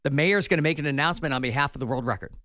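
A man's voice: a little high, very fast, dry recording, studio quality. A man co-hosting a morning radio show, reading quirky news and chatting playfully with his co-host. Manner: playful, animated delivery. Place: radio studio.

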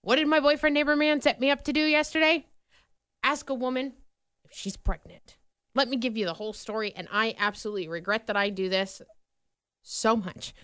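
A woman co-hosting a radio show, telling a story in a lively, self-mocking way. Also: on the high side, a little fast, clean tone, no echo, clean studio sound. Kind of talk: casual chat and storytelling.

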